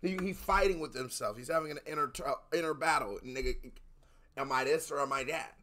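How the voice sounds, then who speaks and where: An American man in casual commentary as a reaction video host, animated and loose with swearing. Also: fairly high pitch, brisk. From United States. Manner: animated, swearing, talks over the track.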